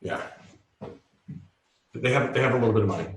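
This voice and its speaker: A man's voice: mid-range voice, brisk, echoey room, recorded from a distance, rough recording. A man hosting a stock trading show, chatting casually and joking as he answers viewer questions. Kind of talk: casual livestream market commentary.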